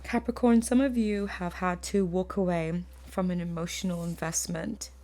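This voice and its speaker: A woman giving a spoken tarot reading to her viewers, earnest and emotional, often pausing to search for words. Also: on the low side, fairly even intonation, warm tone. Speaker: tarot reader.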